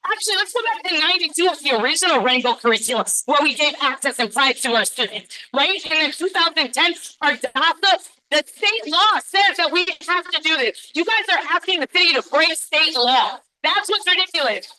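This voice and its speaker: A woman speaks up at a public meeting in a high, bright voice. Her comment is emphatic and indignant, and a faint noise sits behind her. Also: lively intonation, brisk, poor audio. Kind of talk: public testimony.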